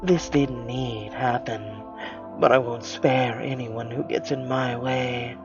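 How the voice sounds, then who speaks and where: A man reading aloud and voicing a cold, vengeful female water spirit who speaks slowly and with menace. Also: steady tone, muffled recording, over music. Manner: slow, low and menacing.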